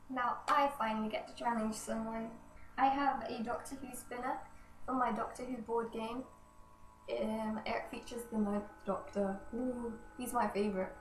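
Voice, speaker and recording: A woman's voice: a little high, steady tone, normal speed. A young woman with a cold, chatting in a rambling, self-deprecating way as a vlogger in a hallway. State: nasal from a cold. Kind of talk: casual vlog chat. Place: indoor hallway outside a bedroom. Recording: echoey hallway, distant camera, faint hiss.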